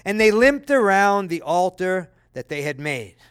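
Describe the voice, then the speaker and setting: A man delivers a sermon in a noticeably high voice, reading scripture with dramatic flair. He breaks in with casual, conversational asides that check in with his listeners. The sound is dry and close, with no room echo. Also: a little slow, clean tone. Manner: dramatic, lively reading of quoted speech. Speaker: preacher.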